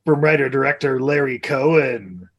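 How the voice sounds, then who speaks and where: A man's voice: mid-range voice, normal speed, fairly bright tone. Laughing man co-hosting a film chat. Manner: laughs often, lists film titles with asides. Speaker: podcast co-host. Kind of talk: casual chat.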